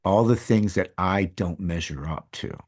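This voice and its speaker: A middle-aged man telling a personal story as a podcast guest, candid and rambling, his voice dropping to a hush and rising again. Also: low-pitched, a little slow. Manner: candid, rambling, swings between loud and hushed. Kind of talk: casual storytelling.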